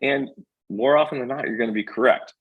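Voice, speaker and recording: A man, a podcast guest, telling an animated hunting story and acting out the voices of the people in it. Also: medium pitch, a little fast, slightly rough, narrow, tinny audio.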